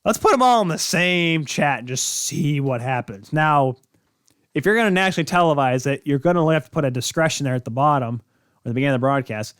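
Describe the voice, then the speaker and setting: A man's voice: a little high, expressive, a little fast, fairly bright tone, smooth, no room sound, studio quality. A male podcast host talking casually about hockey, rambling and joking, correcting himself as he goes. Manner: rambling, self-correcting, jokey. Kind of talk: casual sports talk.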